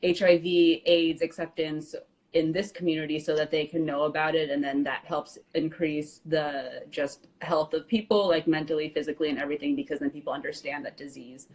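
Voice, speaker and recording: Casting: woman co-host, low pitch, easygoing filler-heavy chat. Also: flat delivery, fairly quick, a little mellow, rough recording. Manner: casual, heavy on "like" and "um", laughs easily. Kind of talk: casual live-stream chat.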